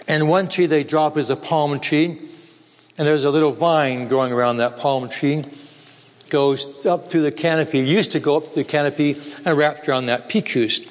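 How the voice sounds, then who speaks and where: A man telling a missionary story in a lively, animated way, acting out the voices of the people in it. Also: fairly high pitch, moderate pace, big-room sound. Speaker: missionary speaker. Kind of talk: storytelling talk.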